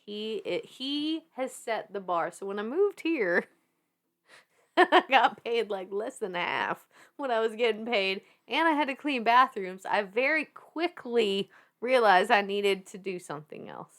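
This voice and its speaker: A Southern US woman in her thirties, appearing as a podcast guest, tells her story in a voice on the high side, unhurried in pace. Her talk is animated and casual, punctuated by frequent laughter and unrestrained swearing.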